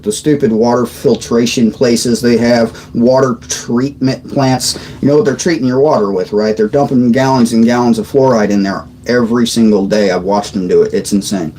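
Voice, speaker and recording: A man's voice: mid-range voice, dark tone, slight background noise, poor audio. A man in his thirties hosting a casual livestream chat from his desk, rambling and trailing off mid-sentence. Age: 30s. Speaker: livestream host. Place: at a desk on a squeaky old chair.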